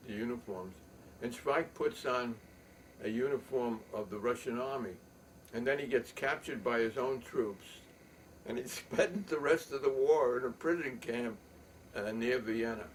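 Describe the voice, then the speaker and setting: An older man telling a long rambling story, halting with many ums and restarts. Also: mid-range voice. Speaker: poet and storyteller. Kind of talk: rambling spoken reminiscence. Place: home loft. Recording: distant mic, faint room noise.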